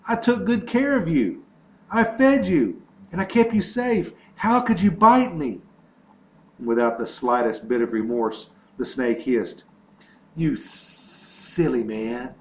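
A man's voice: medium pitch, a little mellow, a little hiss or hum. Man preaching in an echoey, dull-sounding room. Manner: earnest preaching with repetitions and storytelling. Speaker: pastor. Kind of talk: sermon.

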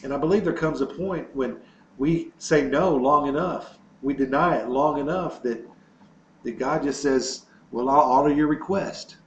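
A man's voice: mid-range voice, a little slow. A man preaching an earnest sermon in an ordinary mid-range voice, leaning on repetition and little stories to make his point. The sound is roomy and a bit dull, with a faint hiss underneath. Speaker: pastor. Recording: echoey room with faint noise and dull sound.

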